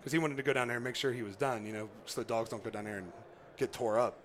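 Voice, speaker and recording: A man, a former pro football player, telling an animated hunting story, laughing and acting out what others said. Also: mid-range voice, fast talker, slight background noise. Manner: excited, laughing, acts out quoted voices.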